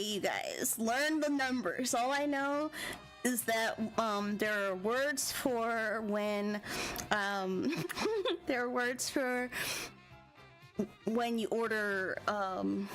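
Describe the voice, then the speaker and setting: An American woman telling a travel story in casual, chatty vlog talk, giggling often and animated. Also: a little high. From United States. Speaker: vlogger.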